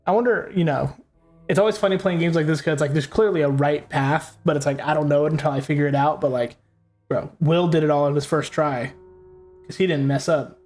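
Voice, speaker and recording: A man's voice: on the high side, steady tone, a little fast, a little mellow, soft background music. A young man casually commentating on a game he is playing, rambling and swearing freely. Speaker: gaming host. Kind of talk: let's play commentary.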